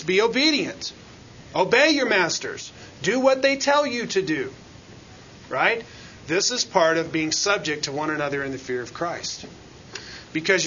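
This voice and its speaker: A man's voice: sits high, sharp tone, muffled recording, a little hiss or hum. A man teaching a Bible lesson as a sermon, speaking conversationally and often asking the congregation "right?" and "amen?". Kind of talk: expository sermon.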